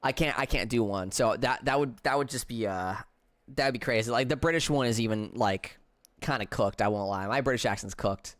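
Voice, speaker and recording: Young male streamer, casual play commentary; rambly and stammering, middle pitch. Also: brisk, a bit bright, no room sound, studio quality. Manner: rambling, stammering, self-deprecating. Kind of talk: casual gameplay commentary and voice acting.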